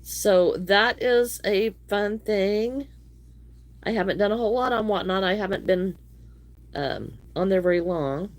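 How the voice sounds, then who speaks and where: Slow-talking wheezy woman livestreaming crochet. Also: medium pitch. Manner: chatty, greets viewers while crocheting. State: wheezy from allergies, coughing. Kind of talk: casual livestream chat.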